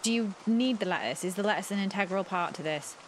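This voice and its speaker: A woman's voice: mid-range voice, fast, a little hiss or hum. Woman gaming host, flustered play-along commentary, chatty, panicky asides. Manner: flustered, chatty, talks to game characters.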